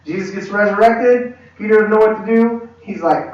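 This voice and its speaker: A man teaching a church leadership class, an animated storyteller who acts out quoted dialogue and restarts his sentences often. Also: high voice, fast, few pauses. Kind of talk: conversational sermon-style teaching. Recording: echoey hall, distant mic, dull lo-fi.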